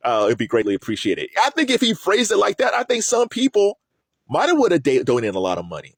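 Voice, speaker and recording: A man talks through his opinions in relaxed commentary, his pitch rising and falling a lot. He stumbles and repeats words as he goes. The sound is dry and close, with no room echo. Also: fast talker, breathy edge. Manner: animated, repeats words while thinking. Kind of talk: casual commentary.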